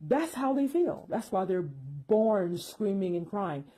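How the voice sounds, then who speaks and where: A woman's voice: medium pitch, sing-song, slow pace, dark tone, husky, rough recording. A woman giving an emphatic, repetitive spoken monologue, dismissing claims with force.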